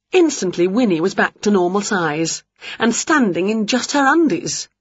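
A woman reading a children's picture book aloud with expressive delivery. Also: medium pitch, measured pace, husky, no echo, lo-fi sound. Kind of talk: storybook read-aloud.

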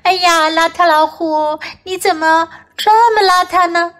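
In a bilingual children's storybook reading, a woman pushes her voice very high to play an eager, caring young child who looks after a pet tiger. She speaks unhurriedly, sounding bright and caring, sometimes scolding, and repeats lines in both languages.

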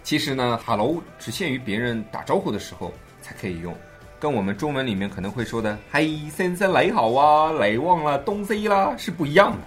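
A man's voice: mid-range voice, a little fast, faint music behind. A man co-hosting a language show, explaining English phrases in Mandarin with a playful, teasing manner. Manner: jokey, teasing, animated. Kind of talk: playful bilingual lesson banter.

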